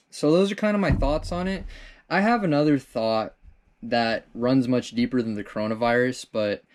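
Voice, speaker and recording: A young man hosting a comedic vlog, answering viewer questions in a rambling, laid-back way and tossing in "dude" and casual swearing. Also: on the low side.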